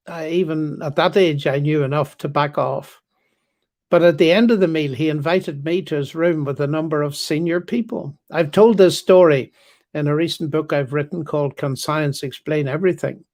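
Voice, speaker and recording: An older man speaks as an interview guest, his voice sitting a little high. He talks in a measured, formal way and stresses key words as he recounts a story. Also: darkish tone.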